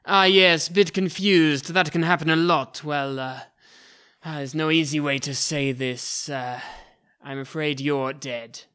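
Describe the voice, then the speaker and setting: A man's voice: on the high side, steady tone, a little slow, bright, forceful tone, smooth. A man playing a chirpy, rambling greeter of the newly dead in a comedy sketch. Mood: cheerful.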